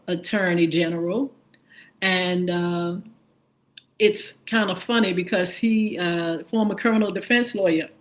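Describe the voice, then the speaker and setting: Slow, chatty woman morning show host. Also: fairly low pitch, fairly bright tone, rough recording. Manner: chatty and opinionated, many "uh" fillers, asks the audience questions. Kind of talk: casual news commentary.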